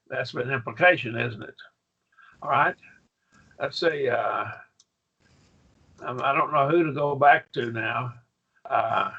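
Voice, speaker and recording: A man's voice: medium pitch, creaky, bright, forceful tone, slightly rough, dull audio. A man teaching a Greek grammar class, patiently quizzing his students with questions. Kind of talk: classroom lesson.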